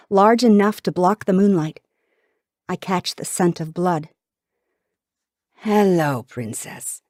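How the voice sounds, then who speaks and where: A woman reads an audiobook in the first person, with intense, dramatic delivery. Her voice is on the lower side, recorded close and dry on a studio mic. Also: a little mellow, dry recording. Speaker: audiobook narrator.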